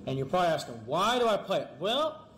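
Excitable man yelling at a game. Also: high voice, quick pace, slight background noise. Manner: excitable, yells and pleads at the game. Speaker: gamer. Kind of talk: let's play commentary.

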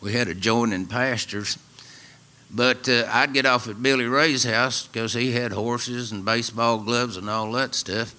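An older man with an East Tennessee drawl spins a wry, homespun tale for a live radio audience. His voice is bright and forceful at a middling pitch, easygoing and dry in its humor. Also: steady tone, unhurried. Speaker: storyteller and musician.

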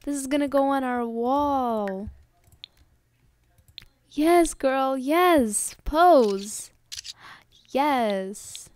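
A woman's voice: high voice, drawn-out words, long pauses, no echo. Gushing young woman narrating her gameplay. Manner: excitable and gushing, talks to viewers. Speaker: gaming video host. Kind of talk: casual gameplay commentary.

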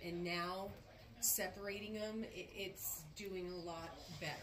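A woman's voice: lowish voice, fairly even intonation, a little slow, far from the mic. A woman volunteer at an animal rescue, talking matter-of-factly about the animals' condition. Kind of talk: casual conversation.

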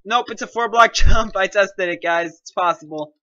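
A young man giving excitable, complaining, self-mocking commentary while playing a game. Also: high voice, moderate pace, dry recording, highs cut off. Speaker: gaming commentator. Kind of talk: casual gameplay commentary.

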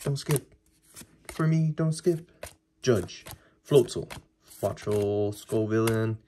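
A man casually talking through a card-opening video, chatty and excitable as he reacts to each pull. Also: fairly low pitch, takes it slowly, pauses often.

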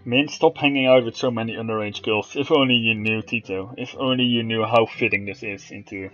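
A man's voice: mid-range voice, fairly even intonation, brisk, a bit bright, lo-fi sound. Joking male streamer, faint music. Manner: joking, teasing banter. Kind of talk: casual game commentary.

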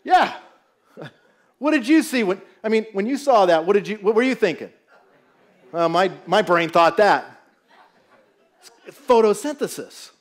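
A man's voice: sits high, unhurried, pauses often. A middle-aged man from Southern California, a guest pastor giving a humorous, storytelling sermon in a church. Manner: animated, storytelling, jokes with the audience. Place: church sanctuary.

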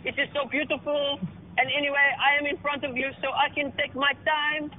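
A man's voice: very high-pitched, flat delivery, voice pushed up. A man voicing a smug, boastful male cyclist rival, over a phone line. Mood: smug taunting. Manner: taunting, drawn-out mock accent.

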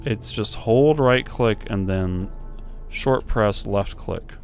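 A man's voice: fairly low pitch, slow pace, a little mellow, faint music behind. A man giving casual commentary while playing a video game, thinking aloud and musing as he goes. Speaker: let's play streamer.

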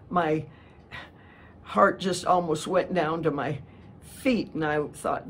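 A woman's voice: low-pitched, slow, slight background noise. A woman missionary preacher telling a story in a sermon, earnest and prone to restarting her words.

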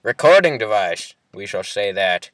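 Guy in a put-on accent teasing his buddy while gaming, lowish voice. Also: very animated, normal speed, a bit bright, dry recording. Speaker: host. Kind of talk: casual gaming chat.

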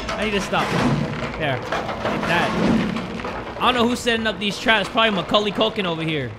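A young man giving jokey, excitable commentary while playing a game, jumping between loud yelps and low mutters. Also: moderate pace, long pauses, noisy background. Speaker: gaming YouTuber. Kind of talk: let's play commentary.

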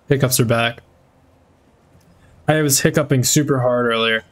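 A male streamer talks over his game in loose, slangy chatter. He swears here and there. His voice sits at a middle pitch. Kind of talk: gaming commentary.

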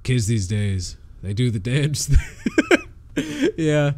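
A young man giving excitable live gameplay commentary, swearing and laughing as he reacts. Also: medium pitch, measured pace, breathy edge. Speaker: streamer.

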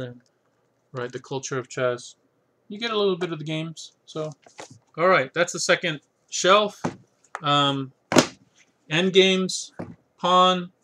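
A man's voice: a little high, bright, forceful tone, slight background noise. A man hosting a casual vlog, rambling through a bookshelf tour with many fillers and asides. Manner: rambling, filler-heavy, thinking aloud. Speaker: channel host.

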